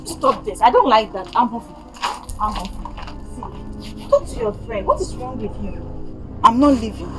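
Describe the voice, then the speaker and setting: A woman's voice: fairly high pitch, big pitch swings, moderate pace, long pauses, poor audio. An actress playing an insistent young woman who refuses to leave a house, talking indignantly over background music. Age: young adult. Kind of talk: youth drama acting.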